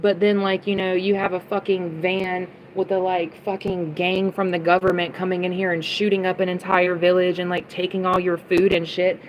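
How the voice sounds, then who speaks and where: A woman's voice: fairly low pitch, flat delivery, normal speed, few pauses, dull audio, slight background noise. A young woman livestreaming, ranting at chat comments in a heated, profane way and repeating lines for emphasis. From United States.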